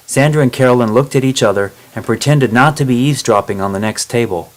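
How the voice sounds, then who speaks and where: A man narrating a chapter of a travel novel in a steady, plain reading voice. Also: medium pitch, fast, hardly any pauses. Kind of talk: storybook narration.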